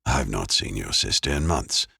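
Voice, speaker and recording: A gruff, guarded detective who keeps his answers short, as a male narrator drops into a deeper register for him. The voice is very low and understated. The recording is close and dry. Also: expressive, normal speed, pushed and bright, no room sound, heavily acted. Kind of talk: audiobook character voice. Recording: dry close studio sound.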